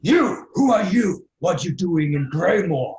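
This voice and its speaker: A man voicing a blunt half-orc woman warrior who speaks in slow, clipped broken English. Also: high-pitched, sing-song, a little mellow, roomy sound, lo-fi sound, voice pushed up. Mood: wary.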